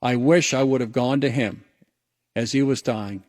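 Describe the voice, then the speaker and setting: A man's voice: mid-range voice, normal speed, a little mellow, dry recording, studio quality. A man who hosts a radio show, telling a personal story in an earnest, reflective way, often restarting his words. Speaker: radio host.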